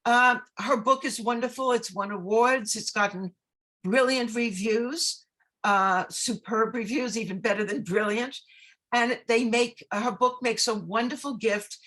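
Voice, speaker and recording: A woman hosting an online book talk, introducing the guest in a halting way with many fillers and self-corrections. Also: on the high side, a bit bright. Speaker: event host. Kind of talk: program introduction. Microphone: video call.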